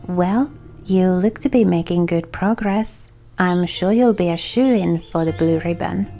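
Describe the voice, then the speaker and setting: A woman voicing a curious, teasing young woodland witch in a calm, dry way. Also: on the low side, a little slow, soft background music.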